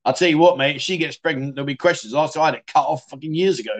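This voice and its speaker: A man's voice: on the high side, rapid-fire. A middle-aged man hosting a casual livestream, chatting bluntly and jokingly, calling viewers mate. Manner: chatty, blunt, swears, jokey, says mate a lot. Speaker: livestream host. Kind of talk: casual chat reading viewer comments.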